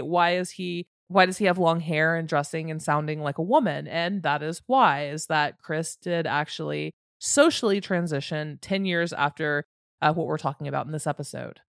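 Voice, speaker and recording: A woman with a slightly low voice narrates a long story on her show, casual and candid, dropping wry asides as she goes. The sound is dry and close, with no room around it. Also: no room sound. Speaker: podcast host.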